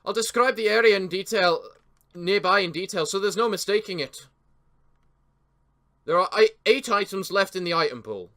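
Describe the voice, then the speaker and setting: A man's voice: high-pitched, lively intonation, moderate pace, pauses often, bright, forceful tone, exaggerated voice. A man voicing a captured male bandit who begs for his life in an Irish accent. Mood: pleading. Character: surrendering male bandit begging for mercy.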